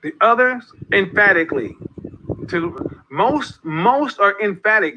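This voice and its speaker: A man's voice: high-pitched, lively intonation, slow pace, bright, forceful tone. A man giving an impassioned, preachy monologue as an online group leader, repeating his points with emphasis. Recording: dull lo-fi audio.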